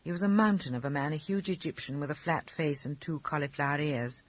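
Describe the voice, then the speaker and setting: A man narrating an audiobook of short stories with a lively, expressive reading. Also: fairly high pitch, brisk. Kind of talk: scripted narration.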